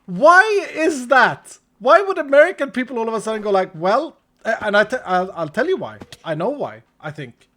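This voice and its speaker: A man's voice: very high voice, very animated, moderate pace, hardly any pauses, bright, forceful tone. A man from Sweden with a Swedish accent, chatting casually on a game stream in a playful, rambling way. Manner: rambling, playful, joking tangents. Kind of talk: casual gaming stream chat.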